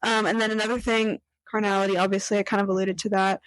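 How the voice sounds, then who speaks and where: A woman's voice: medium pitch, fast, no echo, poor audio. Chatty young woman, dry close sound. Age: young adult. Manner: chatty, lots of fillers, animated quoted voices. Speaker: podcast host. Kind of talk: casual chat.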